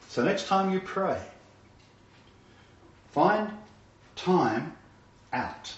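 An older male preacher delivering a sermon with a slightly high voice. He lurches from emphatic, raised outbursts to soft, low murmurs. The sound is roomy and distant, picked up from across a reverberant space. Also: big pitch swings, very slow, pauses often, a little hiss or hum. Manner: dramatic swings between loud emphatic bursts and hushed low asides. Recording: roomy, distant, dull-sounding hall recording.

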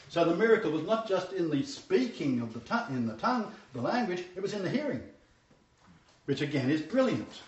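A man preaching a sermon, telling stories earnestly and repeating key phrases for emphasis. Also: sits high. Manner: earnest, storytelling, emphatic repetition. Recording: echoey room, distant mic, dull lo-fi sound.

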